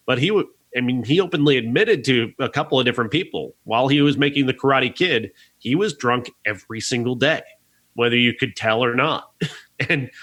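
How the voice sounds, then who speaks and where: A man's voice: mid-range voice, fairly bright tone. A man reviewing a documentary on a podcast, talking earnestly and rambling a little, with frequent restarts. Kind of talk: casual review chat.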